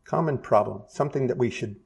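A man's voice: mid-range voice, fast, creaky, a little mellow. A middle-aged man preaching a sermon as pastor, conversational, with self-deprecating asides and frequent restarts.

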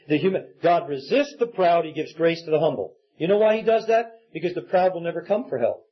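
A man's voice: on the high side, lively intonation, fairly quick, hardly any pauses, husky. A man preaching a sermon in an earnest way, acting out quoted pleas for help. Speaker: pastor. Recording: dull lo-fi recording.

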